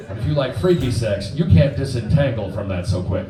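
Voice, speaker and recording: A man in his forties doing a stand-up comedy set, crude and punchy, acting out quick voices. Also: mid-range voice, crowd noise. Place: comedy club stage before a live audience. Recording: roomy club sound from a distance, audience laughter.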